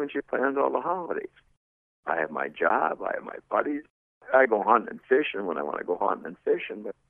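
A middle-aged man giving a personal storytelling talk on servant leadership, expressive and full of rhetorical questions, moving between emphatic and hushed. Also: fairly low pitch, gravelly, dry recording. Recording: tinny phone-like radio audio.

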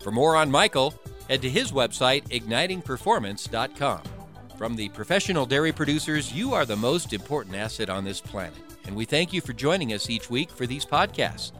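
A man hosting a podcast, reading a scripted introduction in a smooth announcer delivery. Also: mid-range voice, big pitch swings, a little fast, fairly bright tone. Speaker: podcast host. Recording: announcer over music bed. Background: music.

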